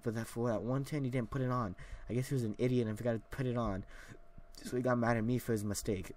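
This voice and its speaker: A man's voice: fairly low pitch, darkish tone. A young man hosting a solo podcast, telling a long casual story with many fillers and restarts. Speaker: podcast host.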